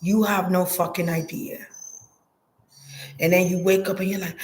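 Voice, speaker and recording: A woman's voice: fairly low pitch, level tone, normal speed, long pauses, a little hiss or hum. A woman giving a psychic reading in a hesitant, murmuring way, repeating words and trailing off. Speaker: psychic reader. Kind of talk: intuitive reading monologue.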